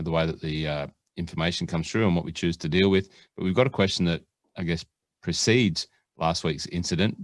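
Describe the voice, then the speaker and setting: A man's voice: sits low, no echo. An Australian man hosting a podcast, chatting in a jokey, rambling way full of fillers. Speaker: podcast host. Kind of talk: casual podcast chat.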